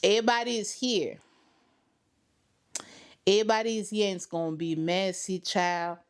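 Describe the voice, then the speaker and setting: A woman's voice: medium pitch, fairly even intonation, normal speed, clean tone. A woman hosting a reaction channel, giving sassy, dramatic running commentary on a reality show from her couch at home.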